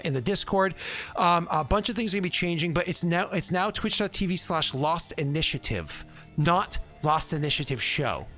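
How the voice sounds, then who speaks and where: A man hosting a casual video-call chat from home, rambling and animated, with faint music behind. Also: a little high. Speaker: host and game master.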